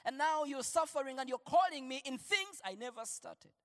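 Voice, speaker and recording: High-voiced impassioned male preacher. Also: animated, normal speed, big-room sound. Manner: impassioned, preaching, swings from soft to shouted. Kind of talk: sermon.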